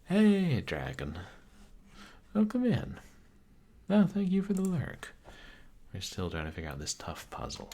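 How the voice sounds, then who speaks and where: A man streaming a text adventure who chats with viewers, mutters his typed commands and reads the game's narration aloud in a measured storytelling voice. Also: a little high, wildly swooping pitch, mellow, a little hiss or hum. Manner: chatty, greets and thanks viewers, muses aloud over puzzles. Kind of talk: live game stream, reading game text aloud.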